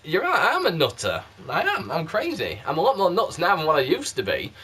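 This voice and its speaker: A man's voice: high-pitched, huge pitch swings, a little fast, pushed and bright, husky. A man from South Yorkshire with a muddled northern English accent, chatting to camera in a rambling, self-deprecating way, recorded on a games console camera. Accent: mixed South Yorkshire English. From South Yorkshire, England. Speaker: YouTube candle reviewer. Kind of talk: casual chat to camera. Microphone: PlayStation camera mic.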